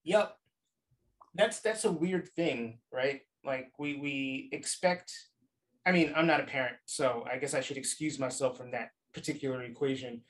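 A man's voice: medium pitch, moderate pace, rough recording. A man hosting a podcast, asking questions in a thoughtful, hedging way with restarts and casual swearing. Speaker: podcast host. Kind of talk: casual interview chat.

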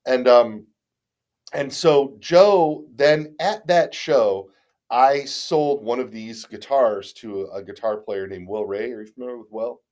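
A man's voice: mid-range voice, unhurried, darkish tone. Rambling middle-aged man telling stories. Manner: rambling, frequent restarts and stammers; candid, self-deprecating, casually swears. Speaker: guest. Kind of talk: casual interview storytelling.

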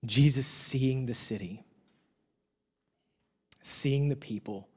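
Man, pastor, sermon, impassioned, mid pitch, loud emphasis and hushed near-whispers. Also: measured pace.

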